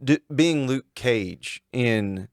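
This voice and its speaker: A man's voice: medium pitch, animated, extremely slow, dry recording, studio quality. A man co-hosting a podcast in casual chat, rambling and repeating words as he hunts for names. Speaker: podcast co-host.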